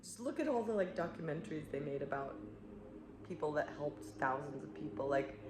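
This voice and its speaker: A woman spiritual coach speaking in an earnest, searching way, full of "like" and soft laughs, in a reflective monologue. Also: low voice, expressive, brisk. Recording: echoey room with clear background noise.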